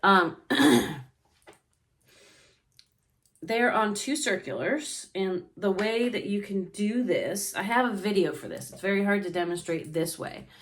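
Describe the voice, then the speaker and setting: A woman's voice: medium pitch, animated, a little slow. A woman, chatting casually to viewers about her crafting plans, rambling with lots of fillers and restarts. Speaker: yarn shop owner and crafting vlogger. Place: indoors at home.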